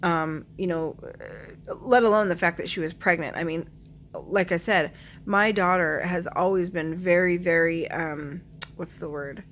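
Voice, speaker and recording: A woman in her forties telling her family's story to camera in an earnest, emotional way, often pausing to search for words and clearing her throat now and then. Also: on the low side, steady tone, fairly bright tone, a little hiss or hum.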